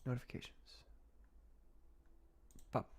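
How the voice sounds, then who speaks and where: A man hosting a casual livestream, rambling and sarcastic, often breaking into laughter. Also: slow. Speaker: livestream host.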